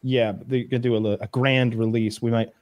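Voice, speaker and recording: A man's voice: medium pitch, little pitch movement, brisk, a little mellow. A man co-hosting a podcast, rambling through crude stories in casual banter. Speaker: podcast co-host.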